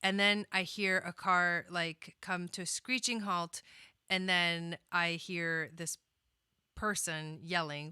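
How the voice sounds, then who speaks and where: A woman's voice: on the low side, measured pace, sharp tone, clear, resonant tone, dry recording, clean studio sound. A young woman hosting an astrology livestream, chatting in a rambling way, with lots of fillers, restarts and laughter as she greets viewers by name. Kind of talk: casual livestream chat.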